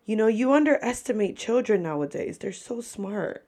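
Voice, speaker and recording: A young woman, a podcast host who works as a server, telling stories in a casual, animated way and swearing freely. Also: normal speed. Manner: animated, profane, lively pitch swings. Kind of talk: casual storytelling.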